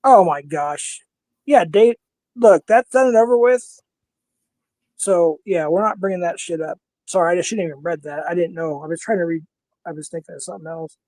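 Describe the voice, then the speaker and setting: Man, 50s, Minnesota accent, livestream host, blunt, swears a lot, high-pitched. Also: normal speed, a little mellow, no echo. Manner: blunt and heated, swears freely. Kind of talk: casual livestream chat.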